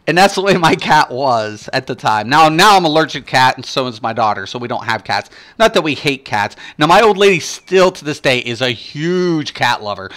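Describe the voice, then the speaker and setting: A man streaming a game, telling stories in casual chat with lively energy and lots of swearing. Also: mid-range voice, normal speed, few pauses. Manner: profane, animated storytelling.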